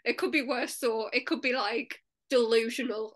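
A woman's voice: a little high, steady tone, moderate pace. A woman co-hosting a casual chat, talkative and laughing often, full of "like" fillers. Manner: chatty, laughs often, many "like" fillers, acts out inner voices. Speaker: podcast co-host.

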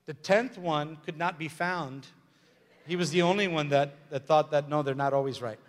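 A man's voice: on the high side, moderate pace. A man preaching a sermon as pastor, emphatic and repetitive, with joking asides. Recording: long hall reverb with faint music.

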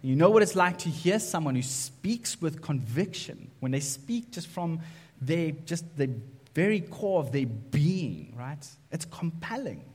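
A man preaching to his congregation in a conversational way, often tossing in "right?" His voice sits a little high for a man. Long reverb from a church hall surrounds him. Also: lively intonation, unhurried, darkish tone, husky. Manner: conversational, keeps asking "right?". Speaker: pastor. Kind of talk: sermon. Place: church sanctuary.

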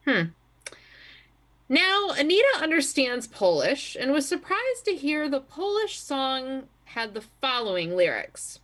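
A woman co-hosts a casual podcast and reads news stories aloud in a wry, amused way. Her voice moves around a lot in pitch, at a middle height for a woman. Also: a bit bright. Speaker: podcast co-host.

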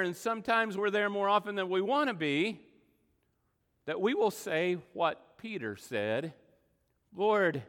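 A man preaching a sermon as pastor, emotional, swinging between loud emphasis and quiet asides. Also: high voice, big-room sound. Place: church sanctuary.

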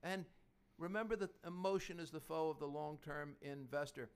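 A man's voice: a little high, normal speed, smooth. A man in his fifties hosting a podcast, talking casually about investing in a chatty, anecdotal way. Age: 50s. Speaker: podcast host.

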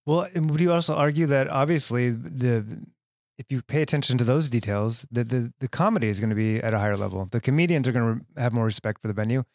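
A man's voice: medium pitch, fast talker, a little mellow, no echo, studio quality. A man co-hosting a podcast, making his point in casual chat.

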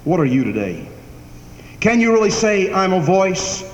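A pastor preaches a sermon in a church sanctuary, his high-pitched voice swinging widely in pitch at a moderate pace. In a preacher's cadence he repeats phrases and builds to emphatic declarations. The audio is dull, with an echoey hall and faint background hiss.

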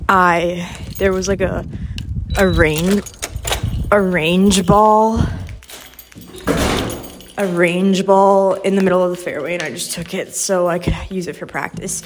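A woman's voice: on the low side, fairly even intonation, takes it slowly, long pauses, background noise. A young woman hosting her own podcast, chatting casually in a rambling, apologetic way full of fillers. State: out of breath after stairs. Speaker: podcast host. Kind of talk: casual solo podcast chat.

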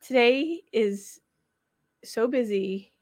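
A woman hosting a show in a studio, chatting casually with quick asides and laughter. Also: a little high, animated, darkish tone, dry recording. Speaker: show host.

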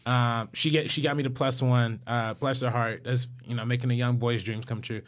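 Young male podcast co-host, casual, slangy and excited. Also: mid-range voice, normal speed. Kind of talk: casual chat.

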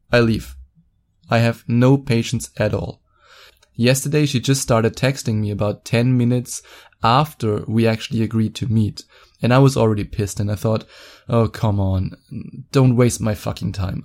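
Blunt man with a dark voice. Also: medium pitch. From Germany. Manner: blunt, profane, boastful. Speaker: podcast host. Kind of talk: casual monologue podcast.

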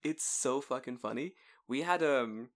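A man in his twenties co-hosting a podcast, chatting casually as an animated storyteller who swears freely and laughs often. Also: mid-range voice, measured pace. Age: 20s. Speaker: podcast co-host. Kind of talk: casual chat.

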